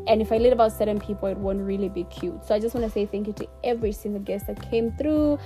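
A young woman closes her own solo podcast with warm, effusive emotion, repeating her thanks to listeners and laughing to hold back tears. Her mid-range voice is quick-paced, with faint music behind.

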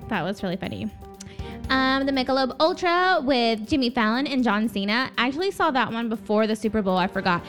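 A woman's voice: a little high, expressive, brisk, a bit bright, soft background music. A young woman co-hosting a podcast, chatting casually and giggling, with lots of filler words. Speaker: podcast co-host. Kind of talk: casual chat.

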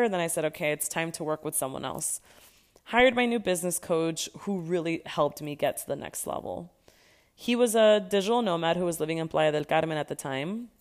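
A young adult woman hosting a podcast, telling her personal story candidly, swearing freely and stressing points through repetition. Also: deep voice. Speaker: podcast host.

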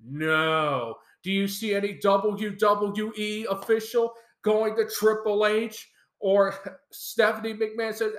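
High-voiced man in an echoey room. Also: steady tone, takes it slowly. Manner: emphatic, mock-shouting quoted wrestlers. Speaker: podcast host. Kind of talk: opinion commentary, reading aloud.

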